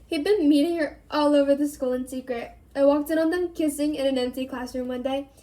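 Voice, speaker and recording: A woman's voice: sits high, steady tone, a little fast, mellow, natural voice. A woman voicing a shy young girl, giggly and a little anxious.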